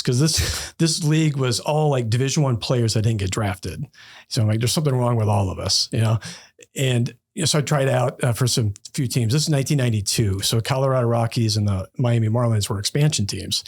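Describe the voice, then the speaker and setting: A middle-aged man with a slightly husky, breathy voice at an ordinary pitch, talking as a guest on an interview podcast. He tells stories in a loose, conversational way, full of "uh" and "you know," and slips into other people's voices when he quotes them. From Northeast Ohio. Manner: conversational, many fillers, acts out quoted people. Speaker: bank executive, podcast guest. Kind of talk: casual storytelling interview.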